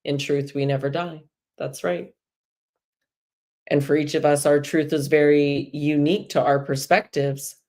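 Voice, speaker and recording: A low-voiced woman hosts a live spiritual talk for her viewers. She chats casually, drifts between stories and encouragement, and laughs easily as she goes. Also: steady tone, a little slow. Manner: warm, chatty, laughs often. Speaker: host of a live spiritual energy show.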